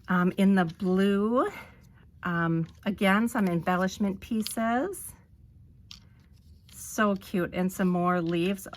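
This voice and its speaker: A woman vlogger narrating an unboxing, gushing with delight and often pausing with ums. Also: on the low side, slight background noise. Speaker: crafting vlogger.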